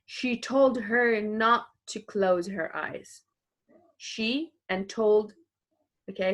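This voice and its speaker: A woman teacher giving a recorded online English lesson, explaining patiently and slowly, repeating each example with frequent fillers. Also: medium pitch, bright, forceful tone.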